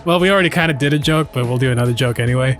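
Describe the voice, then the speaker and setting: A man's voice: mid-range voice, rapid-fire, a bit bright, faint music behind. A man co-hosting a casual comedy chat, a playful joke-teller who laughs often. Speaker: co-host.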